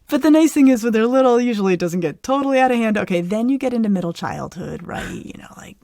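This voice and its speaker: Gravelly-voiced woman explaining with animated ease. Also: on the high side, fast talker, no room sound, studio quality. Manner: animated, explanatory, laughs easily. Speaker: psychologist podcast host. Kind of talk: conversational expert advice.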